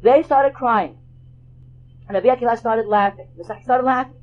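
Woman teacher, high voice, classroom lecture, rhetorical questions, muffled lo-fi class tape. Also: normal speed. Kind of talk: classroom lecture on Jewish texts. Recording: dull lo-fi 2001 class recording.

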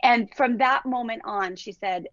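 A woman who is a parenting educator and podcast guest, telling stories in a lively way and acting out quotes, with frequent "like" fillers. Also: unhurried, no room sound. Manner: animated, acts out quotes with big pitch jumps, many "like" fillers. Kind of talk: conversational storytelling interview. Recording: dull, muffled, lo-fi audio.

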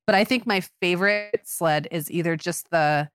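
A woman's voice: on the low side, moderate pace, smooth, dry recording, studio quality. A middle-aged woman from Michigan co-hosting a parenting podcast, chatting casually and filling her talk with "like.". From Michigan, USA. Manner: chatty, many "like" fillers. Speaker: podcast co-host and mother. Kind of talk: casual chat.

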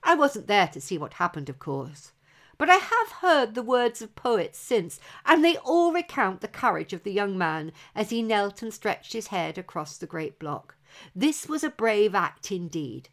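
Woman storyteller, unhurried and dramatic, for a spoken legend. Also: fairly high pitch. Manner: slow, dramatic, expressive telling. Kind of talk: oral storytelling of an old legend.

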